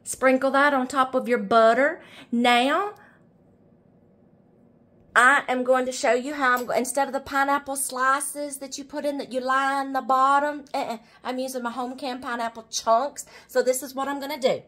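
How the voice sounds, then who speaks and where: A woman's voice: high-pitched, steady tone, normal speed, sharp tone. An older woman with a Southern US accent, chatting casually to viewers while she cooks in her home kitchen. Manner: chatty, keeps addressing viewers as y'all and checking okay. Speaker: home cooking vlogger. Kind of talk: casual cooking demonstration.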